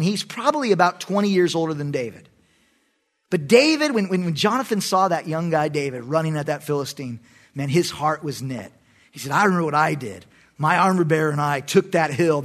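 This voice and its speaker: High-voiced pastor reading scripture. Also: male voice. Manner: reads scripture aloud, breaks off for casual asides and jokes. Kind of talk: Bible study reading with commentary.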